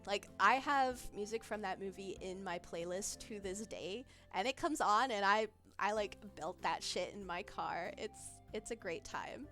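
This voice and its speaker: A woman's voice: medium pitch, measured pace, few pauses, sharp tone. A woman streaming as a vtuber, chatting casually, giggling often and losing her train of thought as she reacts to chat. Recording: faint background music.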